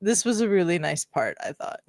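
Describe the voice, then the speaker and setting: A woman co-hosting a podcast, calmly summing up a sitcom episode in casual chat and agreeing with her partner. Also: lowish voice, moderate pace, no room sound. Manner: calm and agreeable, sums up the plot. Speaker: podcast co-host reviewing a sitcom.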